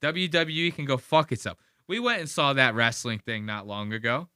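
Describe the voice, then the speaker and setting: Bright-voiced man ranting on a podcast. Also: medium pitch, normal speed, smooth, dry recording, studio quality. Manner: profane, mocking rant. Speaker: podcast host. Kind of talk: casual commentary on a played clip.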